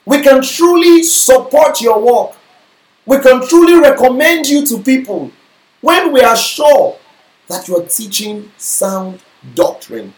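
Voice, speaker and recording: A pastor with a very high-pitched, lively voice preaches slowly in an echoey room. Throughout his sermon he keeps checking in with the congregation, asking things like whether they follow him.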